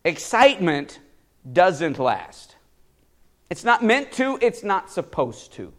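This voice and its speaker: A man with a notably high voice preaches a sermon in a church. He talks in an animated, conversational way, chuckling and doubling back on words as he goes. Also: takes it slowly. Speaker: pastor.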